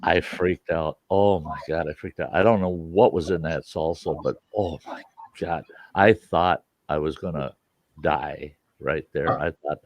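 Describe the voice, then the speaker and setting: A man hosting a casual chat, telling lively anecdotes and acting out the people in them. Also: extremely low pitch, measured pace, dry recording. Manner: animated storyteller, acts out voices in anecdotes. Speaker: host. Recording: dull lo-fi, dry sound.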